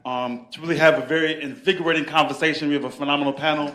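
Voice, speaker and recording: A man's voice: on the high side, steady tone, rapid-fire, a bit bright. A man moderating a live panel event in a bookstore, leading the crowd in call-and-response chants with a rousing cadence. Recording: echoey room.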